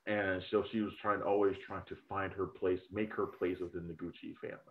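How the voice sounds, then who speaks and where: A man's voice: deep voice, level tone, brisk. A man in casual review chat, rambling and profane as he gives strong opinions on films. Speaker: film critic podcast host. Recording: tinny phone-like line.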